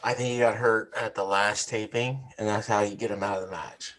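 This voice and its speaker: Man, podcast co-host, casual chat, insistent, repeats himself, slightly low voice. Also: steady tone, a little fast, a bit bright. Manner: insistent, repeats his point. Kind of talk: casual wrestling review chat.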